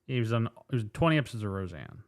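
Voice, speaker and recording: A man co-hosting a casual movie podcast, talking in a lively, jokey way and slipping into mocking voices. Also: lowish voice, rapid-fire. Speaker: podcast co-host. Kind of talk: casual movie review chat.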